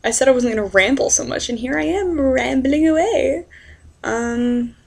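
A young woman in college, vlogging in an excitable, rambling way, swearing freely and dropping into whispers now and then. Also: sits high, moderate pace, gravelly. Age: young adult. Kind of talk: casual rambling rant.

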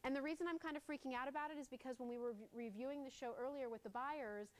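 A woman hosting a live home shopping show, gushing excitedly over jewelry in a quick sales patter with playful asides. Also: high voice.

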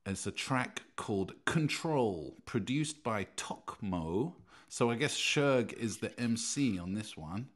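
A man hosting a casual live podcast, easygoing and quick with short reactions. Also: on the low side, animated. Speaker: podcast host.

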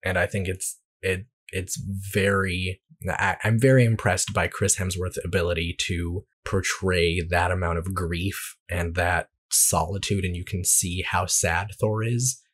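A man with a low, husky voice co-hosts a casual movie podcast. He rambles through his points with plenty of restarts and fillers. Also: fairly even intonation, a little slow, few pauses, a bit bright. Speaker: podcast co-host. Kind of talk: casual movie review chat.

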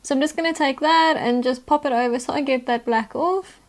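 A woman's voice: high-pitched, brisk. A woman, chattily talking through a makeup tutorial step by step as the host. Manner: chatty, instructive, talks through each step.

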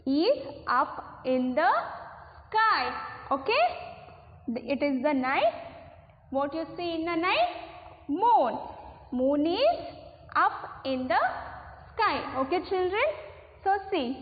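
A woman teacher with an Indian English accent gives a class lesson slowly, often checking "okay, children?". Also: sits high. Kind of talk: recorded online class lesson. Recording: echoey room over a tinny phone line.

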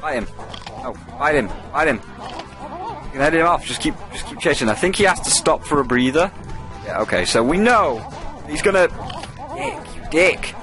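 A man's voice: medium pitch, lively intonation, a little fast, over music. A man giving casual gameplay commentary as a let's play host, rambling and jokey with frequent swearing.

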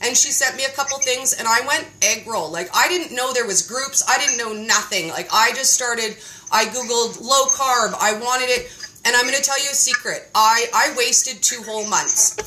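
A woman hosting a casual chat, telling stories in an animated, playful way and acting out quotes. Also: on the high side, normal speed, rough recording. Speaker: host.

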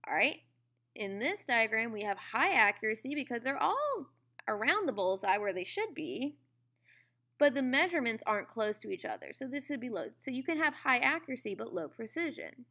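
A woman's voice: fairly high pitch, big pitch swings, normal speed, bright, forceful tone. A woman teaching a science lesson in a conversational way, often checking in with "okay?" and "all right?". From United States. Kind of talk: classroom lecture.

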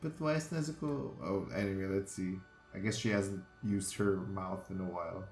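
A man giving live reaction commentary on an anime, excitable and swearing freely as he exclaims at the screen. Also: deep voice, normal speed. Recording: echoey room with faint music.

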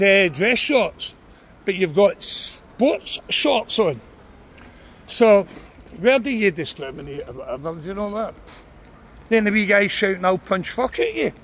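A man's voice: sits high, gravelly, a bit bright, slight background noise. An older man with a Glaswegian Scottish accent, vlogging on a phone outside a club at night, arguing and swearing in a rambling way. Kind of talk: confrontational street vlog. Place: outdoors on a city street at night.

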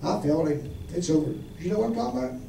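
Folksy high-voiced preacher, echoey. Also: male voice, expressive, fast, creaky, mellow. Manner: folksy testimony with audience questions. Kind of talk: storytelling sermon. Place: church. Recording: echoey room from far off, faint noise.

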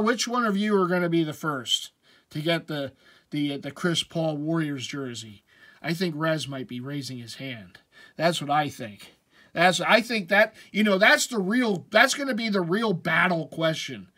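A man's voice: a little high, animated, unhurried, a bit bright. A man casually commenting on sports jerseys in a chatty, rambling way, with jokey asides. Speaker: sports jersey collector vlogger.

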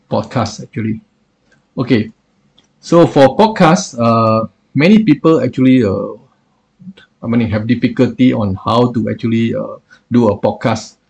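Male software reviewer, gravelly and husky, stop-start delivery full of fillers. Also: mid-range voice. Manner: halting, filler-heavy, repeats "what I call". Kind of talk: screen-recorded software demo.

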